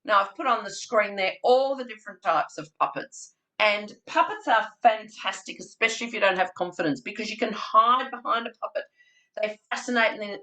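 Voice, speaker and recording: A woman presenting a childcare training webinar in an animated, theatrical, chatty way. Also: sits low.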